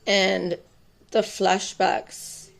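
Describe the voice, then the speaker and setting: Speaking very slowly in a gravelly, medium-pitched voice with flat delivery, a tarot vlogger and mother of two boys recounts a personal story to camera. Her telling is rambling and intense, heavy on fillers, with a defiant edge.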